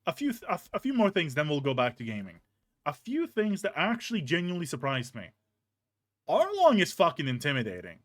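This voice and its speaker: A man's voice: fairly high pitch, a little fast, no echo. A young man streaming, ranting casually and profanely with many restarts, in a hot room with a fan on. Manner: animated, profane, rambling with restarts.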